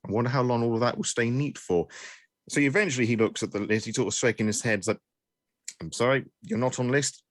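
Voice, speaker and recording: A man's voice: mid-range voice, quick pace, no room sound. A man narrating as game master, wry and self-mocking, with frequent restarts.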